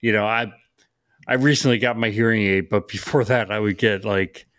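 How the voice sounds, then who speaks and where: A man's voice: fairly low pitch, steady tone, moderate pace, fairly bright tone, no echo. A man co-hosting a podcast, joking in a dry way. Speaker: podcast co-host. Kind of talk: casual podcast chat.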